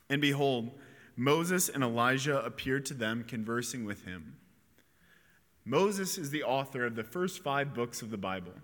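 In a chapel with a long echo, a priest or preacher delivers an earnest, reflective homily, pausing and restarting as he goes. His voice sits in the mid-range with a fairly bright tone.

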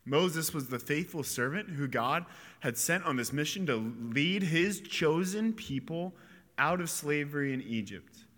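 This preacher's voice is a little high, animated and fairly bright. He gives an earnest, reflective homily, with pauses and restarts, and the chapel around him carries a long echo.

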